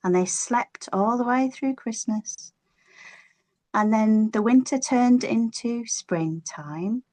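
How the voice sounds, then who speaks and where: Female storyteller, expressive children's tale, playful delivery. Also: fairly high pitch. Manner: expressive, playful, drawn-out words.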